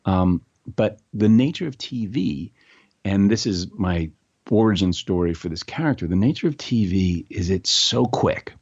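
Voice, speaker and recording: Deep-voiced middle-aged guy chatting, lots of restarts, kinda muffled lo-fi sound. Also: animated, normal speed, a little mellow, slightly rough, no echo. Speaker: actor guest. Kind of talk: casual interview chat.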